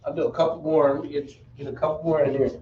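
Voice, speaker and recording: A high-voiced man teaches a classroom language lesson, sounding out each word slowly and breaking into casual slang asides. He is heard from a distance in a roomy space, and the sound is muffled, with faint noise underneath. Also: little pitch movement.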